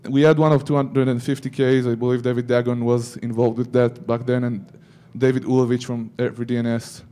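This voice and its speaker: A man's voice: mid-range voice, flat delivery, a little fast, warm tone. A man giving a security conference talk, breaking into joking asides to the audience. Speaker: conference speaker.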